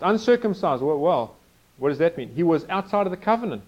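Animated man preaching with a muffled sound. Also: on the high side, a little fast. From Africa. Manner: lively, teasing, quizzes the audience. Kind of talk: expository sermon.

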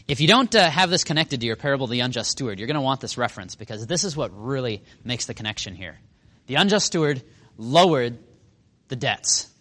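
A man teaching a Bible study in a casual, animated way, acting out quotes and asking the class questions. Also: mid-range voice. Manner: animated, acts out quotes, asks the room questions.

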